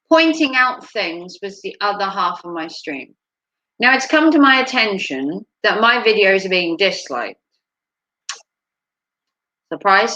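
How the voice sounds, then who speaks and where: A woman chatting casually on a live stream, rambling and filling pauses with frequent ums. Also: mid-range voice, bright, forceful tone, muffled recording. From United States.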